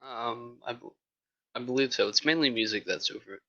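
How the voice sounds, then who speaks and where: A polite man speaks up as his troop's safety officer, a little hesitant but clear in what he means. His tone is bright and forceful, and the muffled video-call audio dulls it. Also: medium pitch, a little fast. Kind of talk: virtual meeting remarks.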